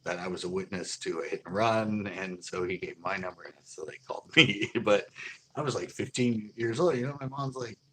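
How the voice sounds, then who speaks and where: A middle-aged man hosting a fishing channel, telling a long story in a rambling, animated way full of fillers. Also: lowish voice, a little fast, a little hiss or hum. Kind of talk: casual livestream storytelling.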